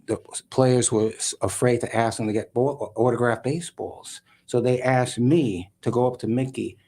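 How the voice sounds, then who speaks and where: A man guest on a talk show, telling a story in a lively way and acting out other people's voices. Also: medium pitch, normal speed.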